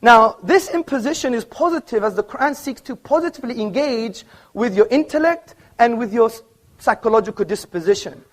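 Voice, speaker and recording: A man's voice: extremely high pitch, lively intonation, fairly quick. A man giving an argumentative, emphatic public debate speech to a live audience in an auditorium, citing books as he goes.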